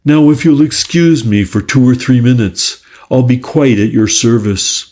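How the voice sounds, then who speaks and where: A man's voice: medium pitch, a little slow, a little mellow, lightly acted. A man reading aloud, voicing a courteous police inspector who speaks kindly and soothingly, a little testy. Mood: reassuring.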